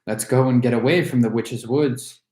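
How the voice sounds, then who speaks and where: A man's voice: medium pitch, fairly even intonation, moderate pace, a little mellow, lightly acted. A man reading the lines of a young boy, in a plain, earnest way. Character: young boy, hopeful then worried. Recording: roomy echo.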